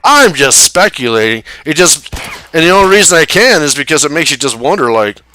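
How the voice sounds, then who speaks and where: A man's voice: fairly high pitch, very animated, brisk, pushed and bright, a little hiss or hum. A man giving rambling, profane commentary while he plays a survival game, laughing often. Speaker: streamer playing a survival game. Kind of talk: casual gameplay commentary.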